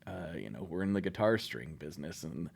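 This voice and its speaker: A man's voice: a bass voice, a little fast, creaky, husky. Chatty man hosting a podcast. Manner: animated storyteller, voices his own inner thoughts. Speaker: podcast host. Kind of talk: casual chat.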